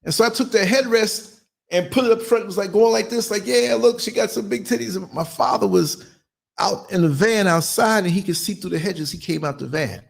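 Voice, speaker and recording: A man's voice: high voice, brisk, gravelly. A man hosting a solo podcast, talking bluntly and preachily and acting out the voices of the people he quotes. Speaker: podcast host.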